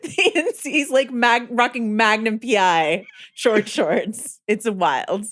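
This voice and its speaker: A woman co-hosting a podcast, jumping in with jokes in a casual chat. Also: fairly high pitch. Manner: animated, quick to jump in with jokes. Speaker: podcast co-host.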